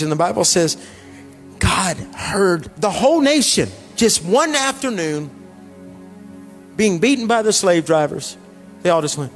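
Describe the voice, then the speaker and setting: Pastor preaching over soft music. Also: male voice, on the high side, animated, normal speed. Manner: casual storytelling with sudden hushed, sighing drops. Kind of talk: sermon.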